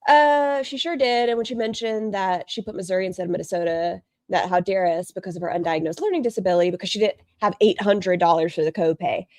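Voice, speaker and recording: A woman's voice: mid-range voice, fast talker, hardly any pauses, a little mellow, dry recording. A woman hosting a casual livestream, chatting bluntly and reading viewer comments aloud. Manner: blunt and gossipy. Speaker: livestream host.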